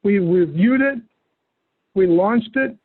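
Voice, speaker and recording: A man leads a software training session, talking a user through each click with relaxed, patient instructions. His voice is pitched fairly high. It comes over a tinny, phone-like call with a dry, close sound. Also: takes it slowly, no echo. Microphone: call audio.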